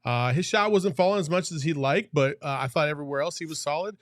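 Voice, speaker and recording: A man co-hosting a sports podcast, excitable, hyping the team and breaking into shouts. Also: fairly high pitch, fast talker, no room sound, clean studio sound. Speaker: podcast co-host.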